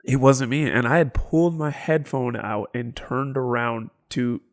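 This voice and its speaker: A man in his thirties with a gravelly, fry-heavy voice sits in as a podcast co-host. He tells stories in a casual, animated way, whispering some quoted lines and shouting others as he acts them out. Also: mid-range voice, measured pace. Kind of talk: casual storytelling chat.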